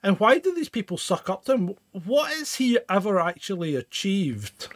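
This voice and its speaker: A man co-hosting a live stream, with a husky, fairly high voice that swings widely in pitch. He talks emphatically, swears freely and rants through rhetorical questions. The sound is close and dry. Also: sing-song, moderate pace, no echo. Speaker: co-host of a live chat show. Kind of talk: casual banter, live stream.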